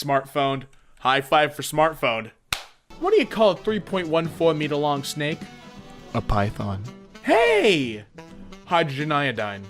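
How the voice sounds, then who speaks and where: A man hosting a casual comedic meme commentary, jumping into squeaky silly voices. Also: a bit bright. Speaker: meme reaction host.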